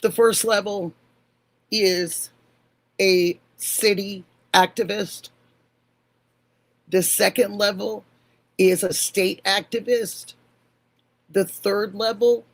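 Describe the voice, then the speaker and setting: An older woman hosting a live stream, warmly greeting viewers by name and calling them honey and sweetheart. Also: mid-range voice. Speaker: livestream host.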